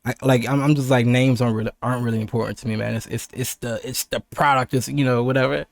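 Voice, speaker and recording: A man's voice: mid-range voice, fairly even intonation, fast talker, vocal fry, dry recording. Laid-back American man streaming, dry sound. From United States. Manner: rambling and laid-back, with frequent laughs and restarts. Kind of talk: casual livestream chat.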